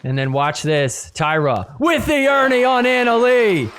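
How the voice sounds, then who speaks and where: A man hosting a podcast, recapping a match in play-by-play commentary and getting loud and excited at the big points. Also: extremely high pitch, unhurried, clean tone. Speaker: podcast host.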